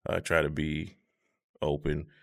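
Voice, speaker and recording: A man in his thirties in a casual conversation, talking in a measured, reflective way with many fillers. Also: very deep voice, level tone, creaky. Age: 30s.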